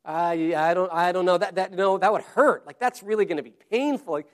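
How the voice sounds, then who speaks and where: A man's voice: sits high, fairly quick, lightly acted. A man doing a weary, pleading man. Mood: fearful. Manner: pleading, hesitant, stammering. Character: weary man pestered by a nagging lizard.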